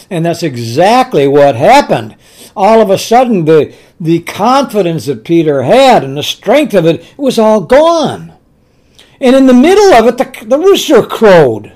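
A man preaching a sermon, telling scripture stories slowly and emphatically, often repeating his words. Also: high-pitched, sing-song, a little mellow. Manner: earnest storytelling, slow and emphatic, with repeated words.

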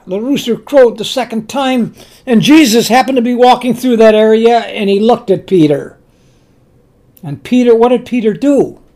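A man preaching a sermon, telling scripture stories slowly and emphatically, often repeating his words. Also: very high voice, darkish tone. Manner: earnest storytelling, slow and emphatic, with repeated words.

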